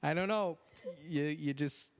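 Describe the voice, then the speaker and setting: A man's voice: fairly high pitch, a little slow, crowd noise. A man hosting a casual podcast indoors, with a dry, sarcastic, joking way of talking. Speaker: podcast host. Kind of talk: casual chat. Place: indoors on a couch.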